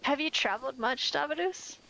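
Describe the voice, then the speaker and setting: A woman's voice: high voice, fairly quick, gravelly, sharp tone, poor audio. A woman in her twenties from the United States, chatting casually and playfully while streaming a game. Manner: rambling, playful, self-commenting. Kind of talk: casual gameplay chat.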